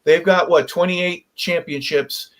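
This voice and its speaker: A man's voice: high-pitched, fairly even intonation, unhurried, a bit bright. A man hosting sports talk radio, asking long questions with many fillers. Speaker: radio host.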